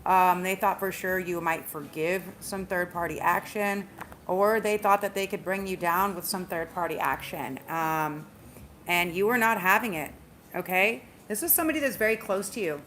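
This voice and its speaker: A woman's voice: on the low side, moderate pace, fairly bright tone, slight background noise. Woman with a slight Southern drawl. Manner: chatty, emphatic, repeats phrases, speeds up and stumbles at times. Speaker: tarot reader. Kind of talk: casual spiritual tarot reading.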